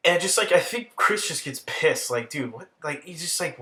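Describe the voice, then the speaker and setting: A man's voice: fairly high pitch, expressive, moderate pace, pushed and bright. A young man giving casual, rambling video commentary with heavy swearing and crude asides. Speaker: commentary channel host.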